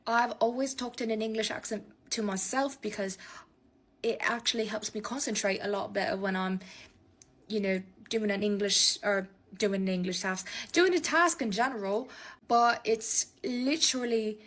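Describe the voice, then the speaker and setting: An American woman talking casually to the camera, chatty and rambling, with frequent pauses. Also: medium pitch, a bit bright. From United States. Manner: rambling, chatty, halting with fillers. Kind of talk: casual vlog commentary.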